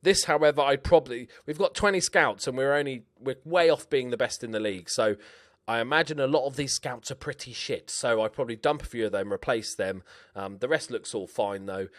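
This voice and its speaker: A young man with a broad Scouse accent, chatting loosely as he clicks through a football management game. His tone is cheeky and informal, with casual swearing and mid-pitched, everyday delivery. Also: fairly quick. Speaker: gaming YouTuber. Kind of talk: casual video game commentary.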